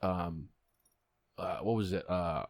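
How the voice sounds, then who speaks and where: A man hosting a podcast, telling stories in a casual, relaxed way. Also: deep voice, slow pace, creaky, no echo, clean studio sound. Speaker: podcast host. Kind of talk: casual chat.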